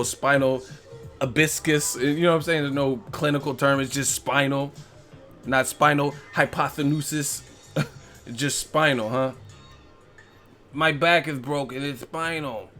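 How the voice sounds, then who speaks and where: Man hosting a casual boxing stream: animated, laughs constantly, acts out the quotes, faint music underneath. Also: mid-range voice. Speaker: boxing commentary host. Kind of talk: casual live-stream rant.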